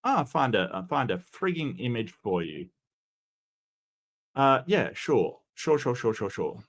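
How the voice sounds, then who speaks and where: A man's voice: mid-range voice, big pitch swings, measured pace, a bit bright. A man talks loosely on a livestream, answering his chat as he goes. He rambles through fillers and false starts, with plenty of strong opinions along the way. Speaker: streamer reading chat.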